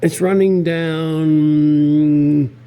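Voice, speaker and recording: A man's voice: a little high, fairly even intonation, drawn-out words, dark tone, clean tone. A middle-aged English man restoring a classic car in his home garage, talking bluntly to the camera and swearing freely. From England. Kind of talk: casual workshop vlog.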